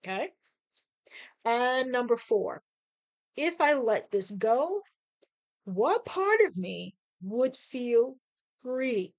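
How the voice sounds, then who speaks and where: Lady podcast host walking you thru journaling prompts, kinda high voice, takes her time, lots of okays. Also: very animated. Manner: soothing coaching, slow deliberate prompts with frequent okays. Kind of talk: guided journaling and breathing exercise.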